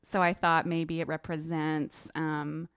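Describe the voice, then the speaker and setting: A woman co-hosting a casual book podcast, chatty and quick to laugh. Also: low-pitched, flat delivery, smooth, no room sound, studio quality. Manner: chatty, giggly. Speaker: podcast co-host.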